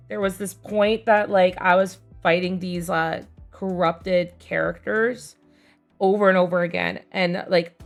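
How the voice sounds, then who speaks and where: A young woman streamer casually telling a tabletop game story, rambling with fillers and casual swearing, growing more animated as it goes. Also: on the low side, vocal fry. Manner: gets louder and more animated as the story builds.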